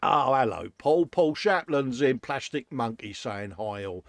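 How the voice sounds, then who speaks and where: A man's voice: mid-range voice, lively intonation, unhurried, no echo. An English man hosting a casual live chat from his workshop, laughing often and calling everyone "mate". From England. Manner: chatty, laughs often, says "mate" a lot. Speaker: host.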